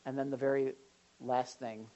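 A woman pastor preaching a sermon in an animated way, now and then acting out the voices of people in the pews. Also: very deep voice, moderate pace, dull audio. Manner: animated, acts out congregants' voices.

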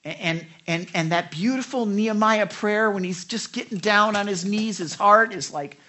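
A middle-aged man preaching a sermon, candid and self-deprecating, swinging between loud emphasis and soft asides. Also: high-pitched, normal speed, few pauses. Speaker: pastor.

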